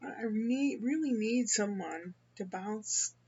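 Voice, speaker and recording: An older woman from the American Midwest, rambling through a casual personal monologue with halting restarts. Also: medium pitch, animated, a little mellow, slightly rough, muffled recording. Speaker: vlogger.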